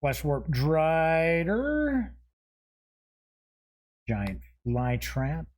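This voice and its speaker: Slow-talking man with a higher voice. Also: huge pitch swings, darkish tone. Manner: reads card names aloud one by one with short asides; chuckles at himself. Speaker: show host. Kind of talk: casual unboxing commentary.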